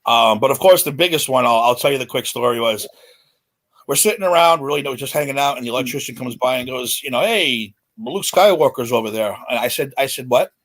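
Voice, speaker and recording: A man in his forties, a podcast guest, telling a celebrity story in an excited, animated way. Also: mid-range voice, brisk. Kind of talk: casual storytelling.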